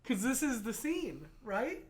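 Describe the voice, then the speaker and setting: A man hosting an anime reaction video, chatting casually and excitedly with many fillers. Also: very high voice, measured pace, over a noisy crowd.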